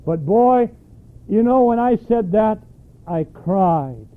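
A preacher delivers an emphatic sermon, often throwing questions back to his listeners. His voice sits high for a man. The recording is thin and tinny, like an old tape played down a phone line. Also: animated, slow. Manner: emphatic, asks the congregation questions.

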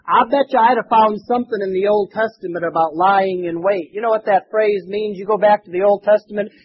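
Folksy preacher, husky and high. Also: male voice, highs cut off. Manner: rambling, folksy preaching with many restarts. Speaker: pastor. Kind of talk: sermon.

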